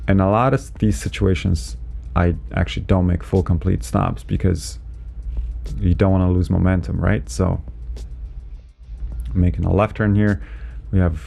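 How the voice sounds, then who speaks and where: A man who is a driving instructor, explaining winter driving in a relaxed, chatty way from inside his car, with lots of "you know" and "right?". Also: deep voice, measured pace, creaky, soft background music. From Canada. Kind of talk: casual instructional commentary while driving.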